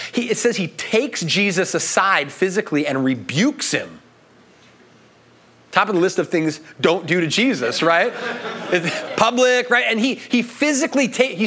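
Male preacher with a high, lively voice. Conversational sermon delivery, with frequent "right?" asides. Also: husky.

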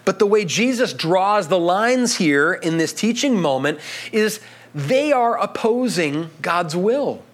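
Animated high-voiced male preacher. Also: takes it slowly. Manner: animated, conversational, frequent "right?" asides. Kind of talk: sermon.

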